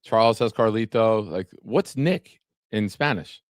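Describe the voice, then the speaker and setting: A man's voice: lowish voice, lively intonation, measured pace, dry recording, clean studio sound. A man hosting a casual live-streamed sports talk show, chatting with viewers by name and reading from an article. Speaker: podcast host.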